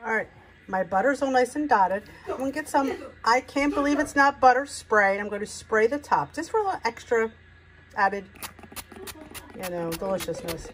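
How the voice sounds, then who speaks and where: A woman's voice: on the high side, animated, moderate pace, a little hiss or hum, rough recording. A woman hosting a home cooking video, talking viewers through a recipe in a chatty, rambling way. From United States. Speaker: cooking vlog host. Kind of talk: casual cooking demonstration.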